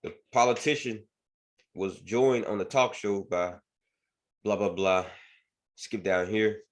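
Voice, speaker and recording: A man teaches scripture in a lively, emphatic preaching manner. His voice sits a bit low. He keeps checking in with his listeners as he speaks. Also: slow pace. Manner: animated, emphatic preaching with frequent "man" and "right?". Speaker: bible teacher. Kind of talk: scripture teaching with news commentary.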